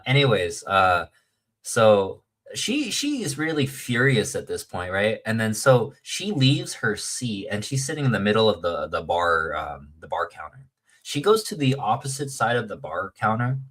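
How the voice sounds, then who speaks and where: A man's voice: fairly low pitch, sing-song, a little slow, fairly bright tone. A man telling a long story in casual chat, rambling with many fillers and restarts and acting out the quoted lines.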